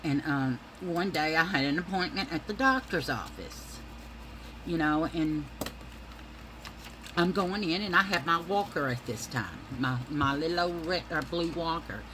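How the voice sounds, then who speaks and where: A woman's voice: sits low, a little slow, noisy background. A middle-aged woman, telling rambling, profane stories in a casual monologue and calling her listeners y'all.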